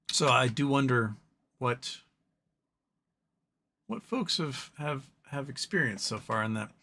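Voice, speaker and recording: A man's voice: a little high, bright, forceful tone. A man hosting a livestream who reads chat comments aloud, rambling and profane in his opinions. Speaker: livestream host. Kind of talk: live-stream chat reading and ranting.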